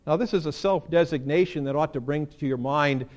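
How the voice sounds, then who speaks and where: A pastor delivering a Sunday sermon in a somewhat high male voice. He is lively and theatrical, and his voice leaps upward whenever he plays out a quotation. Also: fairly quick, dull audio. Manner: animated, acts out quoted lines with big jumps in pitch.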